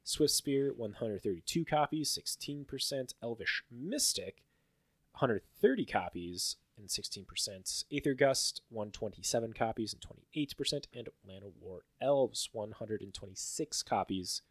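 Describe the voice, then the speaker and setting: A mid-range male voice, a little slow and free of room sound, belongs to a podcast co-host rambling casually through card game stats. He uses a lot of fillers and grows animated when rattling off the numbers.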